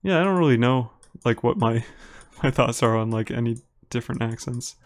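A man's voice: mid-range voice, moderate pace. Chatty Upper Midwest American man streaming. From Minnesota, United States. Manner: relaxed and chatty, laughs easily, talks to viewers by name. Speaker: live streamer. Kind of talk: live gameplay commentary, reading chat aloud.

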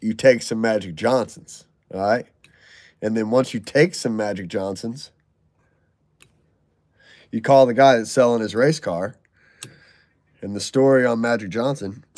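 A man's voice: medium pitch, no echo, clean studio sound. A man in his thirties hosting a casual livestream, reading viewer comments and telling stories in loose, jokey slang. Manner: loose, slangy, jokey, excitable over donations. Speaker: livestream host.

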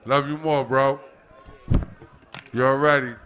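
A man's voice: mid-range voice, steady tone, takes it slowly, a bit bright, clear, resonant tone. A man co-hosting a live podcast, laid-back and given to "you know what I mean" tags. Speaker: podcast co-host. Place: small live venue.

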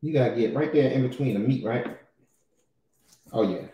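A man's voice: medium pitch, normal speed, roomy sound, lo-fi sound. A man co-hosting a casual cooking livestream, who exclaims often and talks to viewers as y'all. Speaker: livestream co-host cooking ribs. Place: home kitchen.

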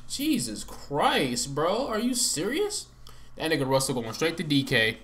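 Animated, cursing young man reacting. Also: on the high side, a little slow. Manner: profane, slangy outbursts of disbelief. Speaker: sports reaction host. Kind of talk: casual reaction commentary.

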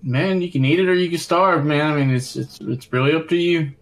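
Man, tabletop player, joking, drawling, slightly high voice. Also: brisk. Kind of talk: casual tabletop play.

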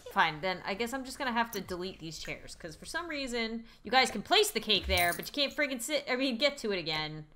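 A woman's voice: a little high, sing-song, fairly quick, few pauses, bright, forceful tone, a little hiss or hum. A woman hosting a let's play video, talking through her game and shrieking at it when things go wrong. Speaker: gaming YouTuber host.

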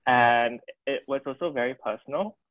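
A man, a participant on a video call, answers thoughtfully and hesitantly with many pauses and fillers. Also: mid-range voice, dry recording. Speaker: workshop participant. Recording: dry, tinny phone-like call audio.

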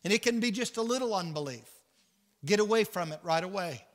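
A man with a Southern US accent leads a Bible study in a high, expressive, fairly bright voice, speaking a little fast. He preaches earnestly in sermon style, telling stories and acting out their voices, with church hall reverb around him.

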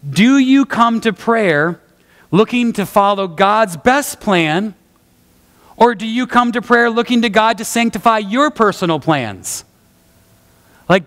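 A man's voice: high voice, fairly bright tone, in a large hall. A man preaching a sermon as pastor, earnest and conversational, repeating phrases for emphasis, recorded in a church sanctuary.

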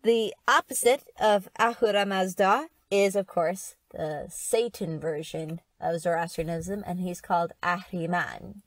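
A woman's voice: on the low side, unhurried, hardly any pauses, no room sound. A woman hosting a casual podcast, explaining with frequent laughs. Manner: explaining, giggly. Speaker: podcast host. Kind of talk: casual chat.

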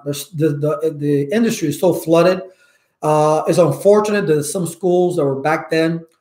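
A loud, emphatic male instructor talks casually to his viewers, with a voice that sits a bit high. He keeps punctuating his points with "okay?". The room gives his voice an echo. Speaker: IT certification instructor.

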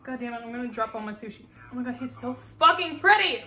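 A young woman hosting a casual reaction video, excitable and gushing, swearing freely and breaking into squeals. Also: on the high side, fast talker. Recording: echoey room with faint noise.

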